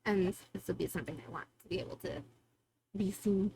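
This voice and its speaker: A woman's voice: mid-range voice, a little fast, creaky, dark tone, poor audio. A woman hosting a casual livestream, chatting in a bubbly, affectionate way with her viewers from her home streaming room. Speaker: livestream host.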